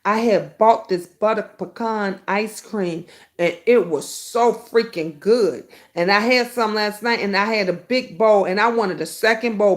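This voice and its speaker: Middle-aged lady chatting on a livestream, laid back, gets loud and squealy when excited. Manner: chatty, greets viewers by name, swings into high excited bursts. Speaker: livestream host. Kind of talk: casual live chat with viewers.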